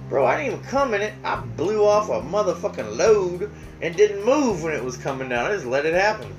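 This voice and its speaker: A man's voice: sits high, big pitch swings, brisk, music in the background, poor audio. A man in his forties hosting a podcast, telling crude, profane stories in a loose, rambling casual chat. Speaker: podcast host.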